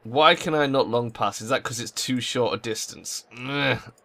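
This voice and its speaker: A man's voice: medium pitch, normal speed, creaky, bright, forceful tone. A young man giving sweary, frustrated commentary over a football tactics game. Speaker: gaming YouTuber. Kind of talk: gameplay commentary.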